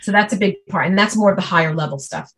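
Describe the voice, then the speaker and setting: A woman's voice: on the low side, fast talker, fairly bright tone. A woman who is a speech-language pathologist, patiently explaining her work in casual conversation.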